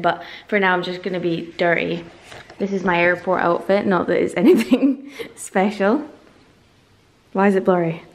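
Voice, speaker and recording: A young woman, chatting excitedly to a handheld camera in a casual vlog and laughing often. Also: lowish voice, a little hiss or hum. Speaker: vlogger.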